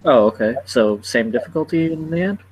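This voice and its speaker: A man playing a tabletop game, halting and repeating words as he works out the rules. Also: medium pitch, expressive, low-quality recording. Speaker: player.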